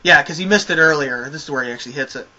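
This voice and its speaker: A man's voice: on the high side, racing, bright, forceful tone, dull audio. A man giving a casual spoken review of a wrestling show, ranting with exasperation and a lot of swearing.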